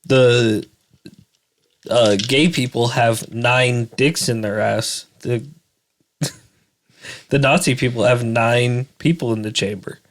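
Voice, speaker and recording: A man's voice: medium pitch, steady tone, slow, long pauses. A young man co-hosting a podcast, telling crude jokes in a dry, offhand way and chuckling at them. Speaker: podcast co-host. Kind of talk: casual chat.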